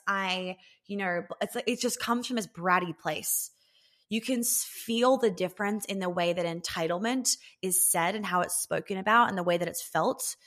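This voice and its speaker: A woman talks straight to her listeners like a coach, candid and unfiltered, swearing now and then. Her voice sits at an ordinary middle pitch, and she slips into quick acted-out bits of conversation to make her point. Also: fairly bright tone. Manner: candid, swears casually, acts out little scenes. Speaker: podcast host, dating coach. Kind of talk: casual coaching monologue.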